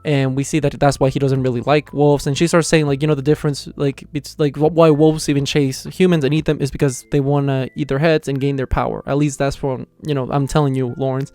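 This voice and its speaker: A man's voice: mid-range voice, little pitch movement, a little fast, few pauses, warm tone, dry recording. A man casually reviewing an anime episode, retelling the plot in a loose, chatty way.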